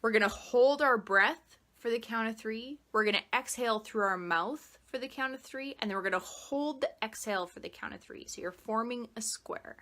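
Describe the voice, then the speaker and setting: A woman explaining meditation in a casual, gushing way, swearing freely and saying "like" a lot, then dropping soft and quiet to count a guided breathing exercise. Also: a little high, normal speed, hardly any pauses. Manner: drops soft and quiet when guiding the breaths. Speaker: meditation teacher.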